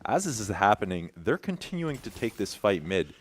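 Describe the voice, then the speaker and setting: Very deep-voiced animated esports caster. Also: male voice, husky. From Canada. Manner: rapid play-by-play, stammering restarts, bursts of laughter. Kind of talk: play-by-play commentary.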